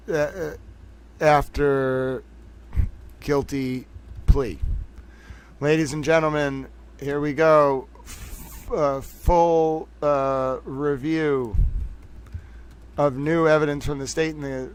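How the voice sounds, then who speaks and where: A man's voice: on the high side, fairly even intonation, extremely slow, pauses often, clear, resonant tone. A man with a hard Boston accent hosting a live stream, talking straight to his viewers in a theatrical way and repeating his catchphrases. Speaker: livestream host.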